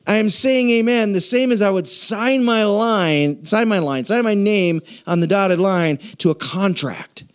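High-voiced energetic male preacher. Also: unhurried, few pauses, smooth. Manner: energetic, playful, calls out to the congregation. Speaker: pastor. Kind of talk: sermon. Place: church.

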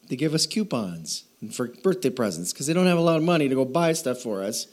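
A man's voice: medium pitch, animated, quick pace, darkish tone. A man preaching a sermon in a chatty way, with laughing asides and questions to his listeners. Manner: asks the audience questions. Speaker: pastor.

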